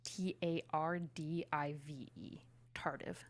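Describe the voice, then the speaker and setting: Chatty woman, low voice. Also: fairly even intonation, takes it slowly. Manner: chatty, explains with many fillers. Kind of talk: casual conversation.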